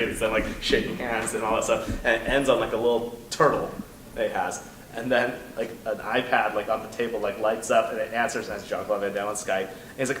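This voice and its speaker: A man's voice: fairly low pitch, fairly even intonation, a little fast, fairly bright tone. A man telling a long story as a panel guest at a convention, rambling with lots of fillers and restarts. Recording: echoey hall from far off, noisy.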